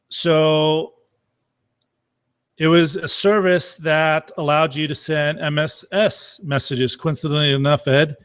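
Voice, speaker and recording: A man's voice: on the high side, a bit bright, smooth. A middle-aged man giving a blunt, casual Q&A talk as a marketing coach, swearing freely. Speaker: marketing coach answering questions.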